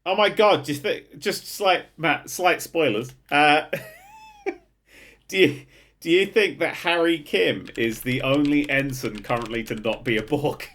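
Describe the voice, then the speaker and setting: A man's voice: on the high side, measured pace, a bit bright. A young man hosting a casual podcast, rambling and swearing with frequent laughter. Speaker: podcast host. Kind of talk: casual chat.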